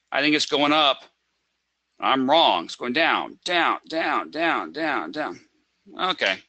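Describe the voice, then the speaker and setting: A man's voice: mid-range voice, sharp tone, no echo, poor audio. A man teaching a live trading webinar, asking rhetorical questions and acting out a panicked trader. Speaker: trading instructor.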